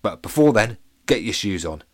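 A man's voice: on the low side, big pitch swings, normal speed. A man voicing a grumpy two-inch-tall pirate in a storybook. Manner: grumpy, gruff.

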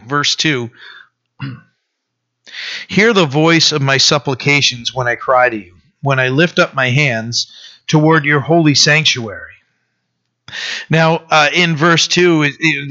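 A man's voice: on the high side, sharp tone. A middle-aged man preaching an informal sermon, reading scripture and talking it through with many fillers, restarts and trailing phrases. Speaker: pastor. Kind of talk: informal sermon, Bible teaching. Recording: dull lo-fi recording.

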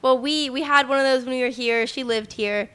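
Young female co-host, fairly high-pitched, casual and giggly. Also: steady tone, a little fast, sharp tone, clean tone. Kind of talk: casual chat.

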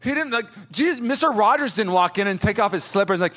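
Male pastor, casual sermon, energetic, stumbles and restarts, somewhat high voice. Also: quick pace, few pauses.

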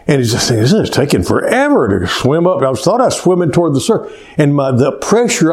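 A male pastor delivering a sermon at an unhurried, deliberate pace, in a voice of middling pitch. He tells his stories with emphatic repetition and sometimes drops to a near whisper for weight. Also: darkish tone.

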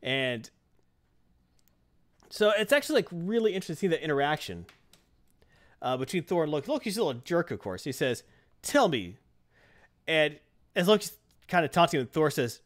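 A man hosting a casual chat, animatedly retelling a comic and acting out its lines. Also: on the high side. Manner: animated retelling, acts out dialogue in quick voices. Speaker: podcast host recapping a comic.

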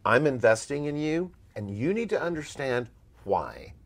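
A man speaking as a guest in an interview, recounting his agent days with blunt emphasis. His voice sits at an ordinary middle pitch, and he drives his points home with firm, animated delivery. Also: unhurried. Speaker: former talent agent.

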